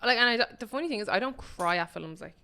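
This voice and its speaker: A woman's voice: a little high, expressive, fast, vocal fry, pushed and bright. A woman co-hosting a podcast in casual chat, telling stories animatedly and swearing freely. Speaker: podcast co-host.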